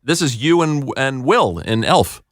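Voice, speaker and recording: A man's voice: medium pitch, big pitch swings, a little slow. A man co-hosting a podcast, eagerly prompting a guest with questions. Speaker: podcast co-host. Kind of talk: casual podcast chat.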